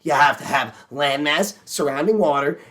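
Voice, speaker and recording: A man putting on the voice of a smug, pedantic male pundit who lectures in rapid, qualified phrases. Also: on the high side, pushed and bright. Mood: lecturing.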